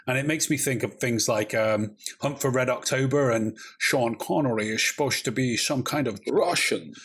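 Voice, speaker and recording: A man's voice: mid-range voice, moderate pace, a bit bright, husky. A man hosting a film review podcast, talking in a loose, enthusiastic, chatty way and swearing casually. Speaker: podcast host.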